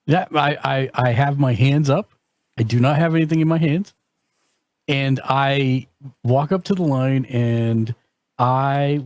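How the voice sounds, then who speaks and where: A man's voice: medium pitch, darkish tone. A man playing a tabletop game, stumbling and hesitant as he describes his moves. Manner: hesitant, stumbling, laughing easily. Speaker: player.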